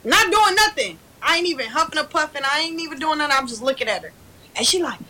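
A young woman telling a story in casual chat, animated and laughing, loudly acting out what others said. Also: high voice, fast, poor audio.

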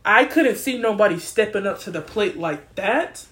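A young woman guest on a podcast, talking in an emphatic, animated, slangy way. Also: mid-range voice, normal speed. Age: young adult. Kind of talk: casual podcast chat.

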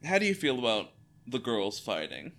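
A man's voice: medium pitch, wildly swooping pitch, normal speed, creaky, a bit bright. A man co-hosting a casual rewatch podcast, laughing often and swearing freely. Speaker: podcast co-host.

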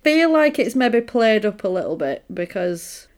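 Very animated and unhurried, this mid-range-voiced podcast co-host recounts a film with chatty amusement and quoted asides in a casual conversation.

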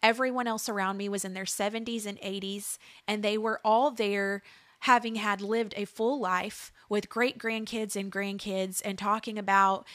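A woman's voice: mid-range voice, fairly even intonation, moderate pace, fairly bright tone, no echo, studio quality. A woman in her thirties giving an earnest preaching testimony, building emphasis through repeated phrases. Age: 30s. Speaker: speaker sharing a faith testimony.

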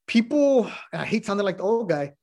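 A man's voice: high voice, big pitch swings, brisk, mellow. A middle-aged man, a sports broadcaster, chatting as a podcast guest, telling stories bluntly and with animation, swearing now and then. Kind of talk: casual chat.

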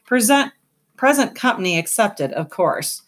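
A woman's voice: mid-range voice, sing-song, a little slow, voice pushed up. A woman voicing a weary, cunning male giant rat who drawls his lines languidly and mockingly in an audiobook. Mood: languid mockery. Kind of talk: audiobook character voice.

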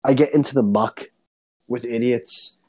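A young man co-hosting a podcast, ranting excitedly and swearing a lot in casual chat. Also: a little slow. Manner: excitable ranting, heavy swearing, swings up high when worked up. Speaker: podcast co-host.

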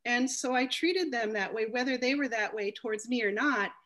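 A woman talking as a guest in a casual interview, telling her story with animated energy and acting out the voices of other people. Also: on the high side, moderate pace, hardly any pauses.

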